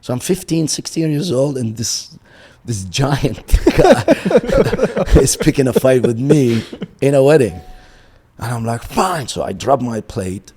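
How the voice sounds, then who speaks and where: Husky-voiced man telling a lively story. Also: mid-range voice, unhurried. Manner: acts out quoted dialogue, laughs often. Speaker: boxing coach, podcast guest. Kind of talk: animated storytelling.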